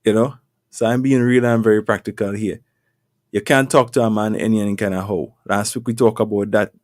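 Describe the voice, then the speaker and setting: A man's voice: lowish voice, fairly even intonation, brisk, no room sound, studio quality. A man hosting a casual advice talk, repeating words and firing off rhetorical questions in a preachy way. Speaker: podcast host.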